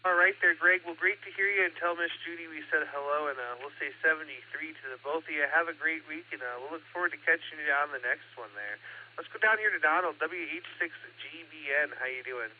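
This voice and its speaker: A man's voice: a little high, quick pace. A man running an amateur radio net, greeting each caller and signing off with radio courtesies. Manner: friendly, uses radio phonetics and sign-offs. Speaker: net control host. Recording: tinny radio link with faint hiss.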